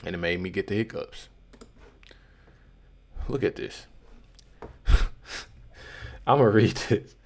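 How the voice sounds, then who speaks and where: A man's voice: on the low side, slow, creaky, long pauses, darkish tone. Rambling man reacting to clips. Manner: rambling, repeats himself, calls viewers y'all and bro. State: has the hiccups. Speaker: commentary channel host. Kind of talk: reaction commentary.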